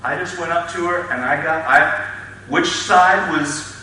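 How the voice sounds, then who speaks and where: A middle-aged man tells stories to a crowd, acting out scenes and laughing as he goes. His voice is sharp and bright, pitched a little high. He stands away from the mic in a very echoey hall. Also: unhurried, recorded from a distance. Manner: animated storyteller, acts out scenes, laughs often. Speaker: chiropractor giving a talk. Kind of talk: storytelling talk to an audience. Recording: echoey hall, speaker off mic, faint noise.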